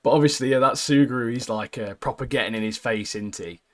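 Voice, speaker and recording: A man with a young son, chatting casually on a podcast about anime. He talks in a loose, friendly way and laughs often. He sometimes jumps into animated impressions of characters. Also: medium pitch, quick pace. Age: adult with a young son. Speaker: podcast co-host.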